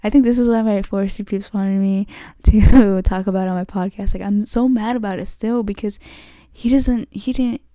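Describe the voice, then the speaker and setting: A woman's voice: medium pitch, fairly even intonation, a little fast, dark tone, no room sound, studio quality. A young woman hosting her podcast, telling a story in a rambling casual way, full of "like" and frequent restarts. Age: young adult. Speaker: podcast host.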